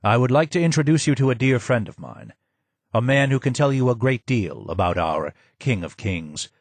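A man doing a courteous, formal male guide in an audiobook, polite and measured, close to the reader's own voice. The recording is dry. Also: medium pitch, big pitch swings, no room sound.

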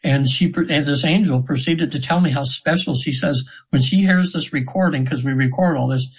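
In a rough recording, a man in his seventies speaks at normal speed in a slightly rough, higher-leaning voice. He's a hypnotherapy practitioner and interview guest, casually sharing session stories with earnest digressions and repeated restarts.

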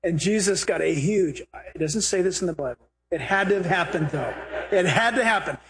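A male pastor preaching a sermon, animated and humorous, slipping into acted quotes. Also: high voice, normal speed. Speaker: pastor and Bible teacher.

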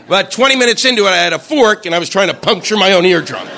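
A man doing a profane stand-up routine, ranting and acting out shouted impressions. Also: high-pitched, animated, rapid-fire, slight background noise. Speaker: stand-up comedian.

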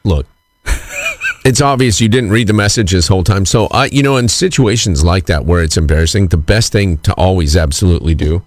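A man's voice: sits low, a little fast. A man co-hosting a radio show, chatting casually and joking, acting out little scenes in other voices. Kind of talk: casual morning radio banter.

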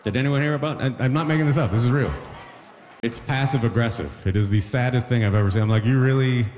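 A man doing a stand-up comedy set, telling jokey stories with quick asides to the crowd. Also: mid-range voice, a little mellow. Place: live comedy stage in a hall. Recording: live stage recording with long hall reverb.

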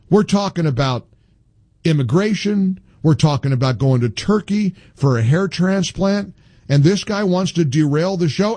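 A man's voice: fairly high pitch, lively intonation, unhurried, a little mellow, dry recording. A middle-aged man hosting a call-in radio talk show, rambling and wry, his voice jumping up when he gets exasperated.

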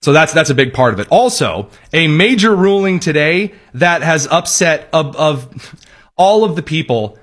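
A man hosting a political commentary show, talking in a sarcastic, mocking monologue and sometimes jumping to high parody voices. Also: sing-song, normal speed, a bit bright.

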